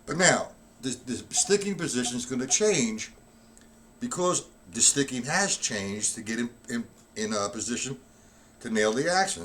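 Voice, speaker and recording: A man's voice: medium pitch, animated, normal speed, a bit bright, slight background noise. A man giving a live-streamed drum lesson who is not feeling well, coughing now and then and counting the beats aloud as he demonstrates. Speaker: drum teacher.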